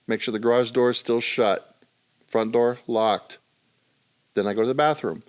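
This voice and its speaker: A man's voice: medium pitch, steady tone, normal speed, clean tone. A man co-hosting a podcast in casual chat, telling stories animatedly and swearing freely. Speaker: podcast co-host.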